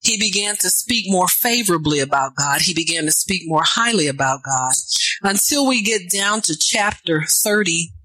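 This woman preaches from scripture, replying to herself with asides that build into fervent, almost shouted calls. Her voice is fairly low and expressive at a moderate pace, captured dry on poor audio.

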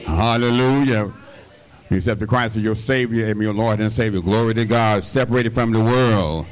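Older preacher, amens and hallelujahs. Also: male voice, fairly low pitch, moderate pace. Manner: call-and-response preaching, peppered with amens and hallelujahs. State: slight cough. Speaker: pastor. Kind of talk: sermon.

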